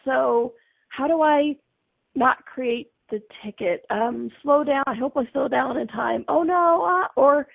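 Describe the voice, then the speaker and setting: A woman's voice: high voice, takes it slowly, vocal fry, phone-quality sound, exaggerated voice. A woman doing a flustered, fretting mother. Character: flustered mother driving, fearing a ticket.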